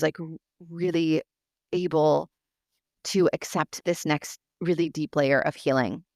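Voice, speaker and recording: A woman's voice: on the low side, no room sound, clean studio sound. A woman hosting her own podcast, earnestly telling a personal story with many fillers and restarts. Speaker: podcast host.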